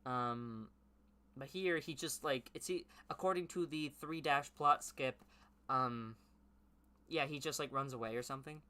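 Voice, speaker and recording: A young man reading his old teenage story aloud in a low mumble, then breaking off into loud, mocking commentary. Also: measured pace, clean tone. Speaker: YouTuber reading his childhood writing.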